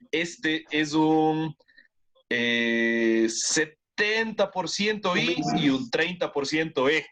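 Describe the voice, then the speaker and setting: A man whose voice is a little high and a bit bright teaches English online. A bilingual native Spanish speaker, he keeps things encouraging, shifts between the two languages, and repeats vocabulary as drills.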